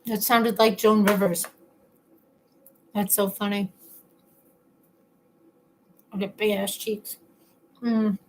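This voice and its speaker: A woman's voice: mid-range voice, flat delivery, takes it slowly, pauses often, a little hiss or hum. A young woman hosting a casual live stream, reading viewer comments in a chatty, playful, teasing way, sometimes talking with her mouth full as she eats. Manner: talks with her mouth full while eating.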